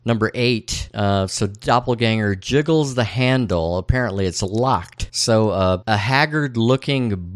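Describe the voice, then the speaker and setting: A man's voice: mid-range voice, dry recording, studio quality. A man co-hosting a podcast, recapping a TV episode in casual chat and laughing now and then as he goes. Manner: plain-spoken recap, laughs while quoting lines. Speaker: podcast co-host.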